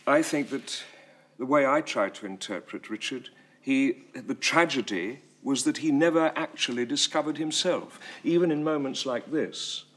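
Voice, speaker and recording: Thoughtful actor, mid-pitched. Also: male voice, moderate pace, husky. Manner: thoughtful, searching for words, gently hesitant. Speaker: actor in a masterclass. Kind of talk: reflective discussion.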